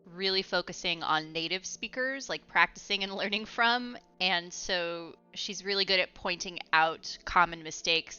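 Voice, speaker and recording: A young woman streaming from home, chatting casually and rambling while she plays a game, quick to laugh. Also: lowish voice, sharp tone, clean tone. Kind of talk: casual gaming stream chat. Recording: slightly muffled, faint music behind.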